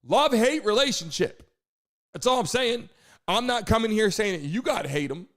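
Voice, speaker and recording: A man hosting a live stream, hyping the chat, shouting out viewers and talking loosely with some swearing. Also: high voice, lively intonation, normal speed. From United States.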